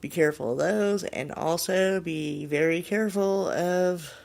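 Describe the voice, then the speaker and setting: A man with a somewhat high, gravelly voice hosts a show, casually retelling a listener's eerie experience. He rambles and searches for words, leaning on fillers as he goes. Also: a little slow, a little mellow. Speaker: podcast host. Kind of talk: casual storytelling of paranormal accounts.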